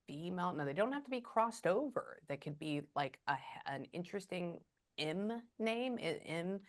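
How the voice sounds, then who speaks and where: Woman medium, lowish voice, stop-start delivery with murmured asides over a video call. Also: lively intonation. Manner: halting, with many "hold on" pauses and quiet murmured asides. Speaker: psychic medium.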